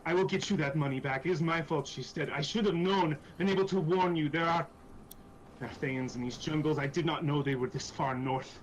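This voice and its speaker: A man's voice: mid-range voice, flat delivery, normal speed, darkish tone, slight background noise, lightly acted, rough recording. A man voicing a distraught, guilt-ridden female jungle guide who stumbles and repeats her words.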